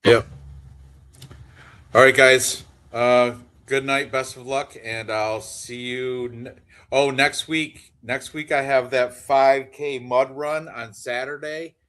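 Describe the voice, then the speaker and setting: A man's voice: medium pitch, steady tone, slow pace, fairly bright tone, smooth. Rambling fifty-something man. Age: 50s. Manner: rambling, laughs often, swears casually. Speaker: podcast co-host. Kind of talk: casual chat.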